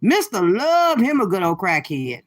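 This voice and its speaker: A woman's voice: medium pitch, huge pitch swings, unhurried. A woman hosting a casual reaction livestream, delivering profane, sassy trash talk straight to her viewers. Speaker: livestream host.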